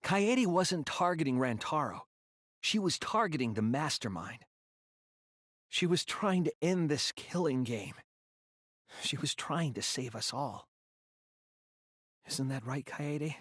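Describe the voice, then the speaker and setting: Video game: a soft-spoken teen boy detective, earnest, with a dry, close sound. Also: a little high, big pitch swings, slow, long pauses, dry recording, full character voice. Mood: reasoning.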